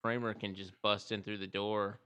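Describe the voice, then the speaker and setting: Deadpan male co-host, smooth clear voice, dry close sound. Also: lowish voice, moderate pace, no room sound. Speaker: podcast co-host. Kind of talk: casual chat.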